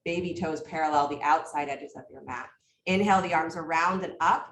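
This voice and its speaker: A woman teaching a live yoga class, calling out poses and breath cues in brisk steps with frequent encouragement. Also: low voice, fairly bright tone, slight background noise. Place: yoga studio. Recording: echoey room, mic far off.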